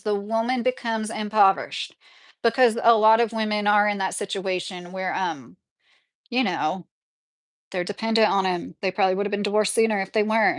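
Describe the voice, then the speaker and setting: A woman hosting a casual livestream, chatting and talking back to viewer comments as she reads them. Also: mid-range voice. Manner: chatty, laughs often, talks back to the chat. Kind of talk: casual chat.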